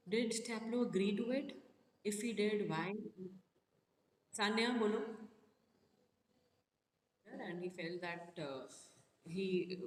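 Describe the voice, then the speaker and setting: A woman's voice: lowish voice, a little mellow. A woman teaching a class, asking questions and repeating them to her students. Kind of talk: classroom lesson on a play excerpt. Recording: echoey room with long reverb and faint noise.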